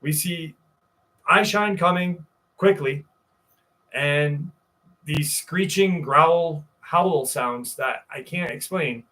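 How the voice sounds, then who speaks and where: A man's voice: a little high, slow pace, bright, forceful tone. A man in his forties from New York, hosting a live stream and telling a rambling, profane story in a casual way. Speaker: show host.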